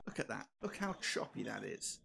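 A man with a very gravelly, creaky voice that leaps all over the place, commentating his football game as he plays. He drops to low mutters, then bursts into loud, sweary shouts. There is a faint hiss behind him. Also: big pitch swings, normal speed. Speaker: gaming channel host. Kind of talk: live gameplay commentary.

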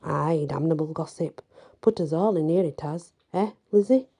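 A woman's voice: low voice, normal speed, creaky, mellow, slightly rough, full character voice. A woman voicing a gossiping woman prisoner in a gaol, in a teasing rustic dialect.

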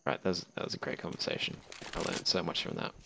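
A young Australian man joking and swearing through casual gameplay commentary, with sudden loud outbursts. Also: deep voice, fairly even intonation, fast talker, creaky. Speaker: gaming channel host. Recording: loud game gunfire and noise behind.

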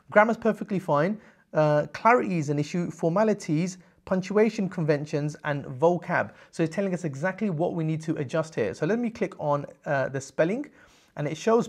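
A man presenting a screen-recorded software tutorial, explaining step by step in an upbeat way with frequent check-ins. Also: on the high side, breathy edge.

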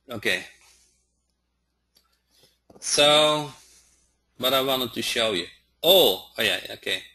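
A man teaching a live online training, speaking haltingly and often checking in with his listeners. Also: mid-range voice, animated, bright, forceful tone. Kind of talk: live webinar instruction.

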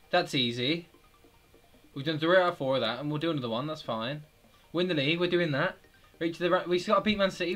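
A man in his twenties with a British accent, commenting live on his own football video game, swearing a lot and swinging from mutters to yells. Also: fairly high pitch, quick pace, faint music behind. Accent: British English. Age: 20s. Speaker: gaming streamer.

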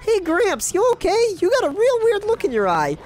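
Streamer voicing a cocky young warrior man, brash, raised high voice. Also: huge pitch swings, moderate pace, darkish tone, heavily acted.

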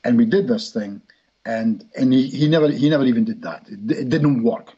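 A man's voice: mid-range voice, moderate pace, noisy background. A man, a hypnotist guest telling rambling anecdotes in a podcast interview. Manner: rambling anecdotal, frequent restarts. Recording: dull lo-fi recording.

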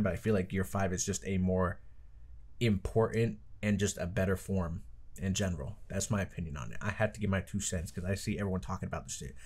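With a low-pitched, somewhat mellow voice, a man hosts an anime reaction video. His talk is loose, profane and meandering, packed with "like" and "I don't know."

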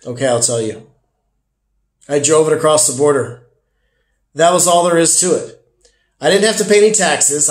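A man talks straight to his viewers in a chatty, emphatic way and calls them folks. His voice sits slightly above the usual male range. The room around him is echoey. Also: a little high. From United States. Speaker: vlogger. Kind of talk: casual storytelling to camera.

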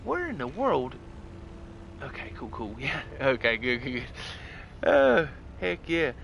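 A man's voice: medium pitch, huge pitch swings, unhurried, vocal fry, a bit bright, muffled recording, a little hiss or hum. A man with a Southern US accent, chatting casually as he streams a game and reads out viewer comments in a laid-back way. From United States. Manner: laid-back and chatty, drawling "heck yeah" and "dude", reads chat aloud. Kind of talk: casual live-stream gaming chat.

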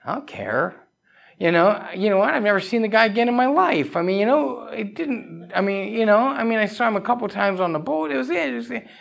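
A man's voice: high voice, expressive, fast, gravelly, few pauses, fairly bright tone. A man preaching a conversational sermon as pastor of a church, pressing questions on the congregation and telling personal stories. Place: church sanctuary.

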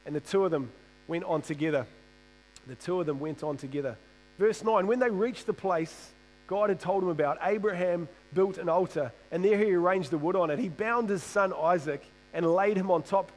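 A man with a fairly high voice preaches a sermon in a church. He keeps it casual and jokey, restarting and repeating words as he goes. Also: poor audio.

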